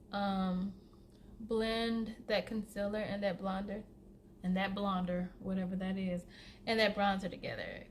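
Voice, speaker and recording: A woman's voice: a little high, a bit bright, a little hiss or hum. A woman, chatting casually to viewers through a makeup routine and calling them y'all. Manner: chatty, addresses viewers as y'all, laughs often. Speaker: beauty vlogger. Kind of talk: casual get-ready-with-me chat.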